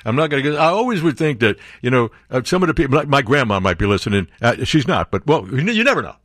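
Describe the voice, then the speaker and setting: A man's voice: mid-range voice, sing-song, fast, a bit bright, dry recording, studio quality. A man hosting a talk radio show, delivering an opinionated monologue in a sarcastic, incredulous way.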